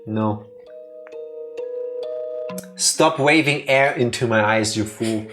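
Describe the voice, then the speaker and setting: A man in a let's play session who reads visual novel narration aloud and trades playful, mock-indignant jabs with his co-host. His voice sits at an ordinary pitch. Faint music plays under him. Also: slow, a bit bright. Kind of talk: casual chat and reading game text aloud.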